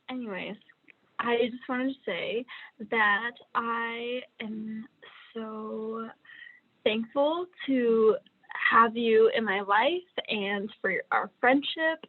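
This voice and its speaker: A teenage girl giving a fast, emotional tribute to a friend, holding back tears on a video call. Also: on the high side. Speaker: student. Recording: tinny video call audio.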